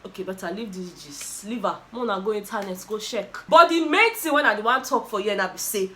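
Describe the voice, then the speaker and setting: A Nigerian woman with a Nigerian accent hosting a casual recap vlog, telling the story in an animated, exclaiming way and switching between English and Pidgin. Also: medium pitch, fairly quick. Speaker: YouTuber host.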